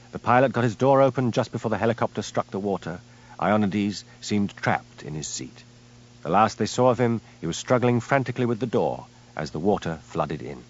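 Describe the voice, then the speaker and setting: A man narrating an audiobook in a lively, dramatic storytelling manner, on a dull lo-fi recording. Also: lowish voice. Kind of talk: scripted narration.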